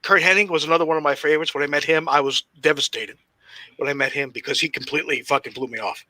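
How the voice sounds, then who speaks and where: A man with a very bright, forward voice tells loose, swear-filled stories from his wrestling career. His pitch sits slightly high, and the sound is close and dry with no room around it. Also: steady tone, quick pace, dry recording. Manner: heavy swearing, rambling anecdotes; self-described shy and socially awkward. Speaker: guest, pro wrestler. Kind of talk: casual storytelling interview.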